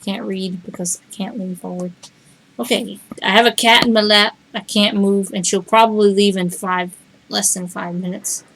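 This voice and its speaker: A woman streaming a game live, reading the game's text aloud and chatting, reacting out loud and talking to her cat. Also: mid-range voice, steady tone, moderate pace, gravelly, a little hiss or hum, low-quality recording.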